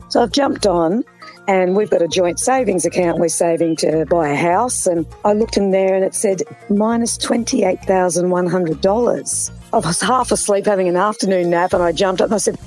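A woman, an interviewee telling in a chatty, animated way how she and her partner were scammed. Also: mid-range voice, moderate pace, soft background music, poor audio. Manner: chatty, animated storytelling with laughs. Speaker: interviewee, scam victim. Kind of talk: emotional retelling in an interview.

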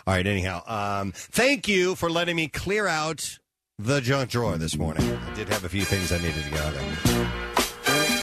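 A man's voice: lowish voice, very animated, normal speed, music in the background. A man hosting a morning radio show, chatting casually and rambling, often restarting his sentences. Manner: rambling, self-interrupting, playful.

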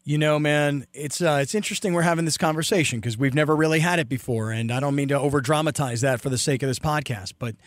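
A man in his forties hosting a podcast, talking in a halting, reflective way with many fillers. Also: fairly high pitch, no room sound. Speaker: podcast host. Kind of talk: casual reflective interview. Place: San Diego.

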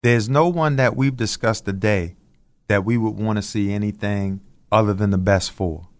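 A man co-hosting a talk show, talking in a reflective, measured way as he builds his argument. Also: on the low side. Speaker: co-host. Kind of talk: candid talk-show commentary.

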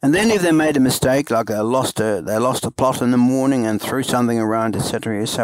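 Earnest man with halting restarts. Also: medium pitch, dry recording, low-quality recording. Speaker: parenting coach. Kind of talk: podcast interview answers. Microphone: remote call.

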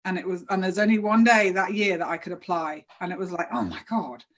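Animated woman telling a story. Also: on the low side, quick pace, muffled recording. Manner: animated storyteller, laughs often, acts out quotes. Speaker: guest. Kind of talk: casual storytelling interview.

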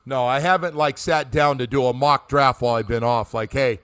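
A man's voice: mid-range voice, brisk, a bit bright, clean tone, no room sound. A middle-aged man hosting a sports talk show, rambling and self-deprecating in casual chat. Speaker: sports radio host.

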